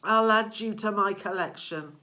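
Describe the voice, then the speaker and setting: Brief: woman voicing a coaxing snake-haired monster, slow and bright-toned, menacing purr. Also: mid-range voice. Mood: snarling. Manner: purring and persuasive, turning to snarls.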